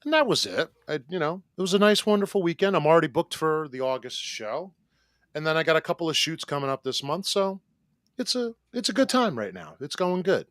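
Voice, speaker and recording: A man's voice: fairly high pitch, animated, brisk, a bit bright, dry recording, studio quality. A man co-hosting a podcast, rambling easily in casual chat with lots of "like". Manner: easygoing, rambling, filler-heavy. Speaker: podcast co-host.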